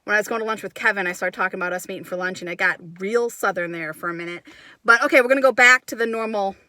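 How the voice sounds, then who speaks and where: A woman's voice: medium pitch, rapid-fire, bright, forceful tone, no echo. A middle-aged woman from Wisconsin, telling a rambling story in a casual vlog, often cutting herself off. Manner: chatty, rambling, self-interrupting. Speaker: homesteading vlogger.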